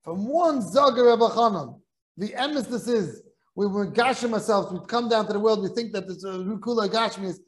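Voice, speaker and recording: A man, a rabbi, giving a Talmud class in a kollel study hall, telling a story in an animated way and repeating words when excited. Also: very high voice.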